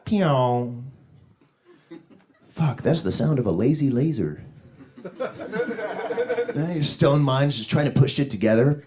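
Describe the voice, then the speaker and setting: A man's voice: on the high side, very animated, measured pace, long pauses. A man doing a rambling, profane stand-up comedy set, chuckling at his own jokes. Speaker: stand-up comic. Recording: live club recording with crowd noise.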